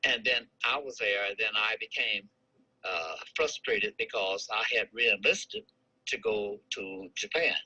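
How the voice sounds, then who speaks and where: An old army veteran in his eighties, from St. Louis, tells his life story in an interview. His voice is husky and strikingly bright and edgy, and he rambles, restarting sentences and chuckling now and then. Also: on the low side, lively intonation, unhurried, highs cut off. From St. Louis, United States. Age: 80s. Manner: chuckles while recalling.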